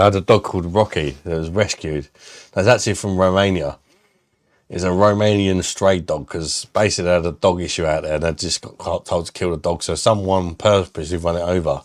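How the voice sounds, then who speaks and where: Low-voiced jokey man, dry sound. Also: a little fast, no room sound. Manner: banter-heavy, jokey and crude. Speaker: live stream host. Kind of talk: casual live stream chat with viewers.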